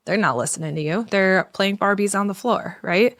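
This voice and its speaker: A woman in her thirties, a parenting educator, explaining in a relaxed podcast conversation and acting out calm, soothing talk to a child. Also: lowish voice, brisk, no room sound, studio quality. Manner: acts out parent-child dialogues in a gentle soothing voice.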